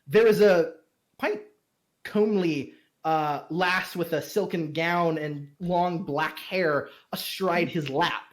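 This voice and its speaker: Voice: medium pitch, takes it slowly. A game master narrating a tabletop game, rambling with many fillers and restarts.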